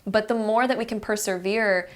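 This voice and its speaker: A woman's voice: mid-range voice, fairly even intonation, moderate pace. A young woman giving a pick-a-card tarot reading in a chatty, encouraging way, speaking straight to the viewer. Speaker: tarot reader.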